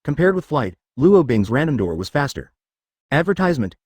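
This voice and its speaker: A man narrating a story in scripted audiobook style. His pitch moves in a lively way while the reading stays matter-of-fact. The sound is dry and close to the mic. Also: fairly quick, dry recording.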